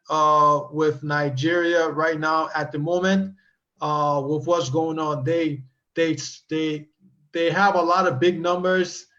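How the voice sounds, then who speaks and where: Animated man answering comments, lo-fi audio. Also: a little high. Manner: animated, lots of restarts and "uh"s. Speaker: guest expert. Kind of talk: reading and answering viewer comments.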